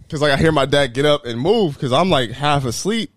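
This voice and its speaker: A man's voice: on the high side, a little fast, no echo. A young man telling a story in casual chat with friends, profane and laughing as he acts out the people in it. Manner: animated, profane, laughing while acting out quotes.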